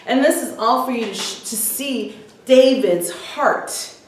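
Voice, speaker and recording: A woman's voice: sits high, takes it slowly, a little hiss or hum. A woman teaching a women's Bible study, retelling scripture in casual everyday words with frequent ums. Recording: echoey room, voice from far off the mic.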